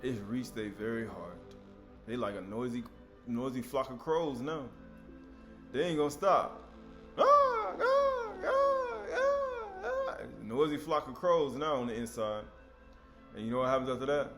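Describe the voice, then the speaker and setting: A man preaching a sermon in a conversational, animated way, with sudden loud outbursts. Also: medium pitch, moderate pace, soft background music.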